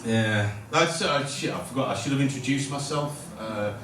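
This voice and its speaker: A man's voice: medium pitch, moderate pace. A middle-aged man doing a stand-up set in a pub, rambling and stopping himself often before landing dry punchlines. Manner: rambling, self-interrupting delivery with dry punchlines. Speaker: stand-up comedian. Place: pub function room at a comedy night. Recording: echoey pub room, from a distance. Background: audience laughter and room noise.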